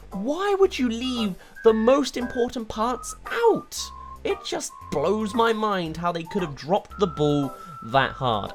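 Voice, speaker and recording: A game reviewer giving a rambling, exasperated video review, full of rhetorical questions. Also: mid-range voice.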